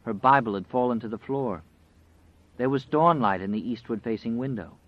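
Male narrator, measured dramatic storytelling, slightly dull dry audio. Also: mid-range voice, no room sound.

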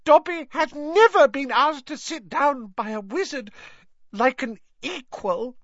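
A man voicing a tiny, servile, excitable male house elf with a high-pitched squeaky voice, in an audiobook reading. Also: a little slow, dry recording. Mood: wailing. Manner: earnest, wailing, reverses word order. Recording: dull lo-fi dry recording.

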